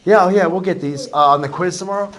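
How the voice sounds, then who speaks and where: A man's voice: sits high, fast talker, crowd noise. A man teaching a math class, chatty and self-deprecating, joking with his students. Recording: noisy classroom recording.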